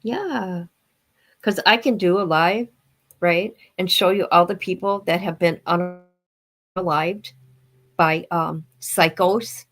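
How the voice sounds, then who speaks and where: A woman's voice: fairly low pitch, slow pace, long pauses, fairly bright tone. A middle-aged woman hosting a livestream, talking in a rambling, blunt, chatty way to her viewers. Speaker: livestream host. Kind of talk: casual livestream chat.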